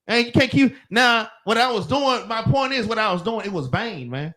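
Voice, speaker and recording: A man's voice: high voice, animated, normal speed, bright, forceful tone. A man with a Southern US accent leading a religious class, telling loose slangy work stories and laughing. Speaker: class leader. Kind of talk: casual teaching chat.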